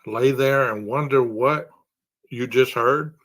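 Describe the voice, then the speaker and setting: Slow, deliberate man asking rhetorical questions. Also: medium pitch, fairly bright tone. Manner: poses long strings of rhetorical questions; speculative, reasoning aloud. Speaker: podcast host. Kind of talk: true-crime podcast monologue.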